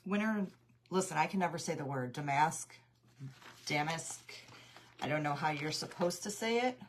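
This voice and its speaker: A woman's voice: on the low side, lively intonation, brisk, a little hiss or hum. A woman hosting a craft livestream, chatting casually with viewers and greeting them by name while she works, her voice going in and out.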